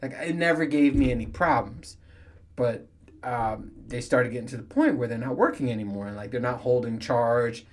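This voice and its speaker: A man's voice: mid-range voice, lively intonation, moderate pace. Podcast host, male, loose and profane, rambles, laughs at himself, mid-range voice. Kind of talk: casual solo podcast rant.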